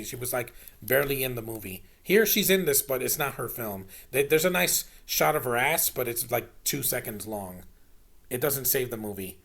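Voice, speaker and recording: A man's voice: mid-range voice, a bit bright. A man giving a casual, blunt film review, exasperated and swearing, often restarting his sentences. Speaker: movie reviewer.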